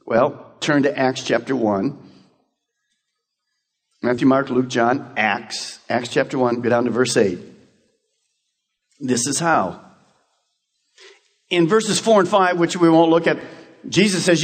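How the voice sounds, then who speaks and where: A male pastor delivers an urgent, exhorting sermon in a church sanctuary. His fairly high voice rises and falls in lively swings as he repeats key lines. A long hall reverb trails each phrase. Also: a little slow, long pauses, husky.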